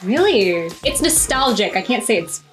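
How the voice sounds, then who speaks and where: A young woman with a slightly high, bouncy voice teases her co-host as they cook at home. Music plays clearly in the background. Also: big pitch swings, normal speed. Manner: playful, teasing. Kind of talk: casual chat while cooking. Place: home kitchen.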